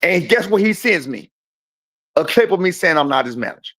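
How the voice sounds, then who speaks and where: A man's voice: a little high, sing-song, brisk, fairly bright tone, no echo. A man on a call-in show, telling a heated story in casual talk, profane and boastful.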